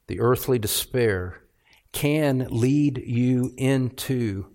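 A male pastor preaching a sermon, calling his listeners beloved and rising in pitch and volume on the points he stresses. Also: mellow. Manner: rises in pitch and volume for emphasis, slows on key phrases.

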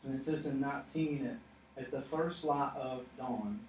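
A man's voice: mid-range voice, moderate pace, a little mellow, far from the mic. A man preaching a sermon, who tells the story and builds to emphatic points with laughing asides. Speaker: pastor. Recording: echoey hall, off-mic, faint noise.

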